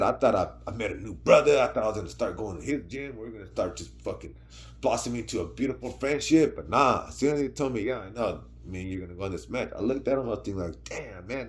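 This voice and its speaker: A middle-aged man telling a story to camera in a casual, slangy, rambling way, often asking "right?". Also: medium pitch. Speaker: vlogger.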